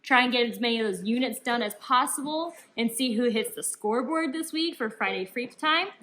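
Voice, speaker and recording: A woman's voice: on the high side, lively intonation, fairly quick, bright, forceful tone, slight background noise, poor audio. A young woman teacher giving upbeat, encouraging instructions to young children in a recorded remote lesson. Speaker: elementary school teacher.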